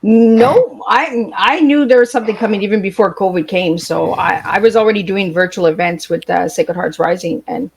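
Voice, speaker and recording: A woman's voice: medium pitch, normal speed, creaky, hardly any pauses, breathy edge. A woman guest on a podcast, talking casually in a blunt, straightforward way. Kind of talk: casual chat.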